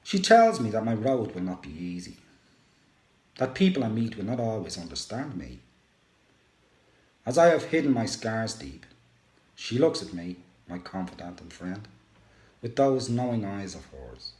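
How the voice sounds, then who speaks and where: A man giving a dramatic reading of a first-person poem, emotive, with big rises and hushed drops. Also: on the low side, sing-song, a little slow, long pauses, roomy sound. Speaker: radio show host.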